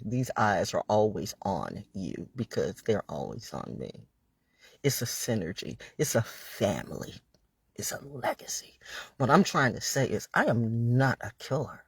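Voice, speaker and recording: A woman's voice: extremely low pitch, gravelly, breathy edge, dry recording. A woman talking straight to her audience in a vlog, ranting with emphatic repetition and plenty of profanity. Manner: repeats phrases for emphasis. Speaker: online broadcaster.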